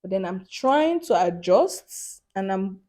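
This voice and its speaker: A woman's voice: medium pitch, takes it slowly. A young woman, chatting animatedly in a casual vlog, laughing often and filling her talk with "like". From Africa. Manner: animated, laughing, lots of "like" fillers. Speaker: vlogger.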